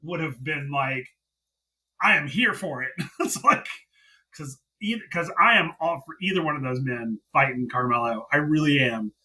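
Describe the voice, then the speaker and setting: Husky guy on a chat podcast, bright voice, gets worked up and does little mock quotes. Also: normal speed, rough recording. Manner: animated, exasperated, jumps into high-pitched mock quotes. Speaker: podcast co-host. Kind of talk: casual wrestling recap chat.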